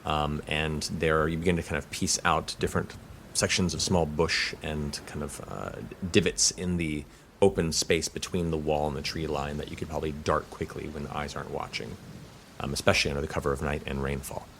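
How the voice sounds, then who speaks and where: A man narrating as game master of a tabletop game, in a measured, descriptive way with frequent fillers. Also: very deep voice, level tone, gravelly, fairly bright tone, a little hiss or hum.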